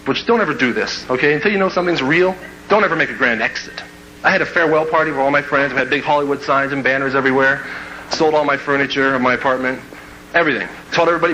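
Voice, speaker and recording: A man from Kansas giving a motivational speech, telling a story to a live audience in an animated way and acting out scenes with sound effects and quoted voices. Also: mid-range voice, quick pace, a little hiss or hum, poor audio. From Kansas, USA. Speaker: motivational speaker.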